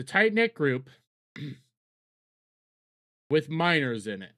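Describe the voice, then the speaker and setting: Slow, lively-voiced streamer woman. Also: on the low side, dry recording, clean studio sound. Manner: blunt, swears freely, thinks aloud. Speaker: streamer reacting to videos. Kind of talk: live reaction commentary.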